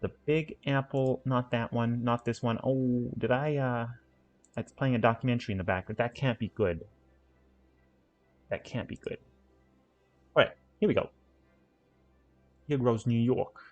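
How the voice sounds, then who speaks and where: A man's voice: mid-range voice, normal speed, long pauses, muffled recording, soft background music. A man giving casual let's-play commentary on a city-building game, rambling and correcting himself with playful asides. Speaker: gaming channel host.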